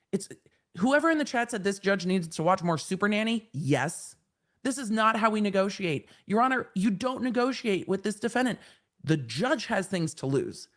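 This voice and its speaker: A woman lawyer giving live-stream commentary on a trial, blunt and exasperated, swearing freely. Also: medium pitch.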